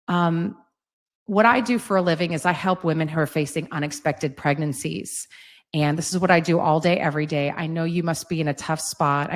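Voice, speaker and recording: Middle-aged woman with a low voice, giving an earnest, fervent storytelling talk on a webcast. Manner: earnest, fervent storytelling with frequent "right?" asides. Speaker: speaker at an advocacy webcast.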